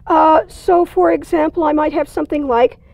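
A woman's voice: high-pitched, steady tone, normal speed, gravelly, a little mellow, dry recording. A woman teaching a writing lesson, explaining in a plain, conversational way with dry asides. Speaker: writing instructor. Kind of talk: recorded lecture.

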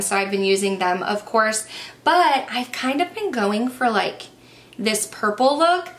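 A woman's voice: medium pitch, a bit bright. A young woman chatting casually and enthusiastically through a makeup review, a little out of breath. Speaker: beauty vlogger.

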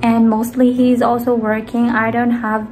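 A young woman from the Philippines vlogging casually at home, rambling and chatty, often trailing off softly. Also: a little high, little pitch movement, normal speed, soft background music. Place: indoors at home.

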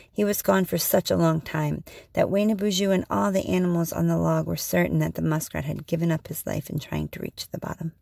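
Woman reading a story out loud, lowish gravelly voice, slow and measured. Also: dry recording, clean studio sound.

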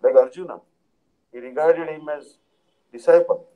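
A man's voice: fairly high pitch, warm tone, highs cut off. A man giving a devotional lecture, explaining patiently and often checking in with "Understand?". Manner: repeatedly asks "Understand?" to listeners; unhurried, explanatory, with frequent fillers. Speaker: spiritual teacher.

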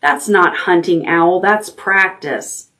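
A woman's voice: lowish voice, slow pace, a bit bright, far from the mic. A woman voicing a grumpy, sensible female bird in a storybook, dry and exasperated.

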